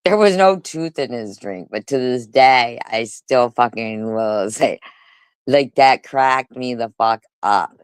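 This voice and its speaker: A woman's voice: a bass voice, slow, clear, resonant tone, no echo. A woman live streamer ranting angrily and cursing often, repeating herself as she argues with critics. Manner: angry, profane, repetitive. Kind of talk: heated livestream rant.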